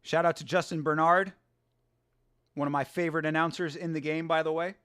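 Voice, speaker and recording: A man in his thirties hosting a casual watch-along, excitable, slangy and laughing often. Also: fairly high pitch, moderate pace, long pauses. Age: 30s. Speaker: host.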